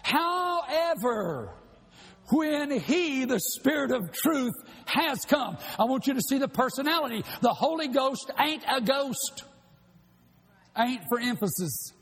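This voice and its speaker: Man, preacher, very high voice, husky, long hall echo. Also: very animated. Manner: preaching with bursts of shouting and fast asides. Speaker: pastor. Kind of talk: sermon.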